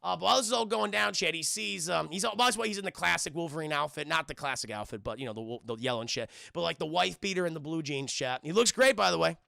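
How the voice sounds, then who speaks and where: A man's voice: fairly high pitch, quick pace, creaky, few pauses, sharp tone, dry recording, studio quality. A man doing a rambling, profane scene-by-scene film review, talking straight to his live chat. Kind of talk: casual livestream film review.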